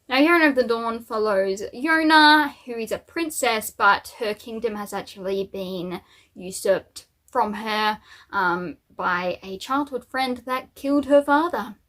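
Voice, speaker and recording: In a casual, cheerful chat, a female book vlogger runs through the books she intends to read, with small asides and filler words along the way. She speaks on the high side with a fairly bright tone.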